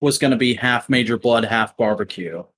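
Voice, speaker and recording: A man's voice: medium pitch, moderate pace, fairly bright tone. A man in casual chat, reacting and speculating aloud, swearing freely.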